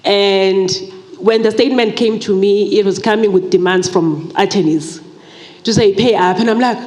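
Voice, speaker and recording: A woman's voice: animated, normal speed, a little mellow. Candid woman, audience member in a Q&A, echoey hall. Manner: candid, acts out her own quoted words with rising pitch. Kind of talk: sharing a personal story in a Q&A. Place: large event hall at a book fair. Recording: echoey hall with long reverb.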